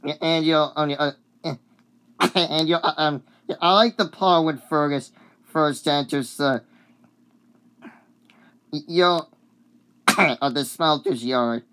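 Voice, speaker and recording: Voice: mid-range voice, slow pace, long pauses, fairly bright tone. A sick, coughing video uploader chatting casually about a cartoon song, rambling and hesitant with many fillers and apologies.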